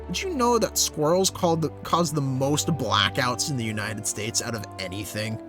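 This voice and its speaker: A man's voice: sing-song, normal speed, few pauses. Male streamer, casual game commentary, wry jokes, light music under. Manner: wry, joking asides, low-key.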